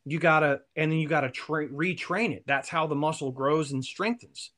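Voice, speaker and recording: Animated storytelling man guest. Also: a little high, normal speed. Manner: animated, rambling, laughs at own jokes. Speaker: guest, band member. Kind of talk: storytelling interview answer.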